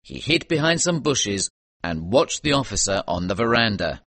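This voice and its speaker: Man, storybook narration, clear and measured, lively intonation, dry close sound. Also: lowish voice, dry recording. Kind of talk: scripted audiobook narration.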